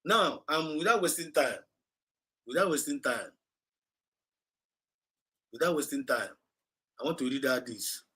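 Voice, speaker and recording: A Nigerian-accented activist hosts a livestream in a medium-pitched, expressive voice, bright and forceful, at a measured pace with frequent pauses. He exhorts his listeners urgently and repetitively, switching between Igbo and English mid-sentence in an impassioned address. The recording quality is low.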